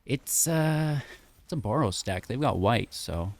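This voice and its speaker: A man's voice: medium pitch, expressive, a little slow, creaky. A man giving upbeat, chatty commentary on a card game deck and his matches, thinking aloud as he plays. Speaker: gaming content creator.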